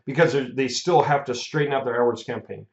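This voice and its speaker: A man's voice: medium pitch, brisk. A man giving a casual video update as the host of a marketing course. He has the hiccups, laughs often and rambles. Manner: chatty, laughs often, restarts and fillers. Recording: echoey room, dull lo-fi sound.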